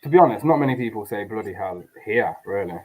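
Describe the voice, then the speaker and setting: A man co-hosting a sports betting stream in relaxed, chuckling banter. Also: fairly low pitch, quick pace, crowd noise. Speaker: sports betting show co-host. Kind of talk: casual live-stream banter.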